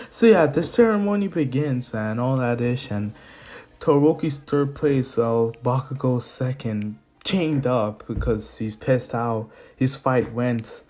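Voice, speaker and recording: A man's voice: mid-range voice, darkish tone. Casual rambling male storyteller. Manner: rambling, loose with fillers like "so yeah". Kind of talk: casual retelling of a fan story.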